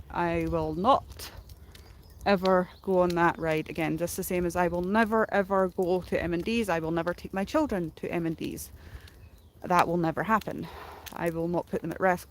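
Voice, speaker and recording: A woman's voice: lowish voice, a little hiss or hum. A middle-aged woman, casually retelling a story on a livestream in a rambling way full of fillers, likes and ums. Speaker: streamer.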